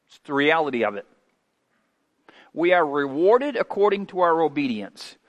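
A man in his fifties preaching a sermon as pastor, folksy and homespun, moving from quiet asides to loud, emphatic preaching. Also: fairly high pitch, very animated, normal speed, dull audio. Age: 50s. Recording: long hall reverb.

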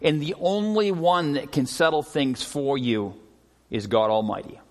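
A middle-aged man preaching a sermon as a pastor, telling stories earnestly and often slowing and dropping his voice for emphasis. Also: on the high side, darkish tone. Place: church sanctuary. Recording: long hall reverb.

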